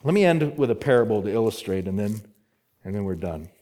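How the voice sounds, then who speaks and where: A man's voice: on the low side, very animated, a little fast, dark tone. A male pastor preaching an expository sermon, emphatic, repeating key words and asking rhetorical questions.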